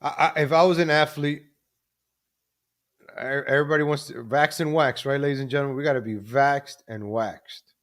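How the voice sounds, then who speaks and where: A man's voice: medium pitch, steady tone, moderate pace. A man hosting a live stream, ranting about the news and repeatedly addressing the audience. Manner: ranting, repeats ladies and gentlemen. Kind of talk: casual commentary live stream.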